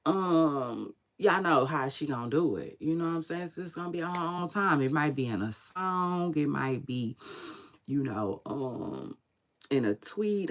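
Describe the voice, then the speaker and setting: A woman in her forties with a smoky voice, chatting casually and sleepily to her viewers in a laid-back, slangy way. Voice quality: smoky low voice. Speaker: online commentator. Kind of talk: casual livestream chat to viewers.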